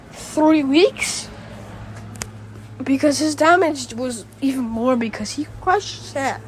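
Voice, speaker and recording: A woman with a high voice rambles through a fan story. She restarts her sentences often and leans on fillers as she goes. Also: darkish tone, a little hiss or hum, rough recording.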